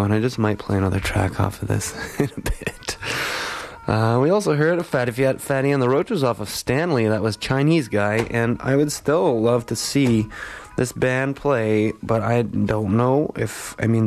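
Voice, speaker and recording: A man hosts a radio show from the studio. He rambles in a relaxed way, full of fillers, as he back-announces songs at an easy middle pitch. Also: normal speed, vocal fry. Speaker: radio host.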